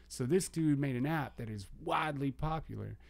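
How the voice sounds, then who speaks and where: A man's voice: medium pitch, moderate pace, vocal fry, a crowd in the background. Young male co-host, easygoing and crude, chatty storyteller. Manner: profane, laid-back storyteller. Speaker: podcast co-host. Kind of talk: casual crude chat.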